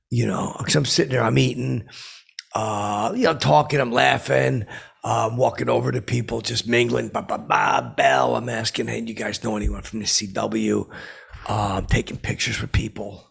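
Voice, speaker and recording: A man with a medium-pitched, slightly rough voice full of vocal fry keeps a steady tone while portraying a washed-up, combative braggart on a comedy podcast. He stays in character, halting and rambling with constant fillers and false starts.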